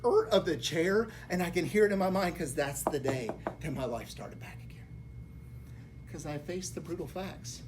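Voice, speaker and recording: A male mortgage lender addresses a group of realtors in a meeting room at a real estate office, turning a personal story into a dramatic motivational moment. He moves between quiet, low murmurs and loud outbursts, and the recording carries a little hiss or hum.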